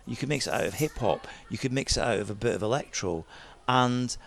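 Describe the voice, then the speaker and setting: A man with a gravelly, rough-edged voice tells club stories with plenty of energy, jumping into other people's voices mid-anecdote. His pitch sits in a middle range for a man. A faint hiss runs under him. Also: a little fast. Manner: lively storyteller, mimics voices in anecdotes. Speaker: DJ guest. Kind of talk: animated storytelling chat.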